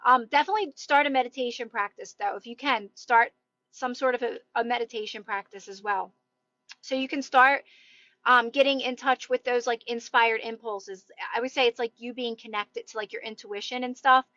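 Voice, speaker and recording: Chatty philly-area lady on a phone livestream, kinda high voice, dry dead room. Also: fairly even intonation, moderate pace, bright, forceful tone, dry recording, muffled recording. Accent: Delaware County (Philadelphia area). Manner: chatty, rambling, laughs often, greets viewers. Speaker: TikTok live host. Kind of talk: casual live-stream chat.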